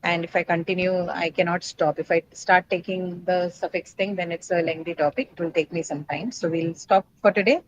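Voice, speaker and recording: A woman with a somewhat low voice teaches a lesson, explaining step by step with many fillers and quick "right?" checks. A faint hiss sits under the recording. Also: steady tone, highs cut off. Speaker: English teacher. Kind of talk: online class lecture.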